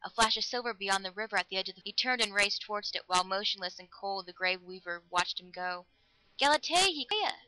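A woman reading a story aloud in an expressive narrating manner, recorded close. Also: medium pitch, quick pace, hardly any pauses, dry recording, low-quality recording. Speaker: audiobook narrator. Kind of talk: scripted narration.

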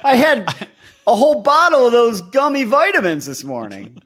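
A man's voice: very high voice, very animated, moderate pace, fairly bright tone, husky. A man co-hosting a comedy podcast, offering dry, sarcastic commentary. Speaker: podcast co-host. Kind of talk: casual comedic show-review chat.

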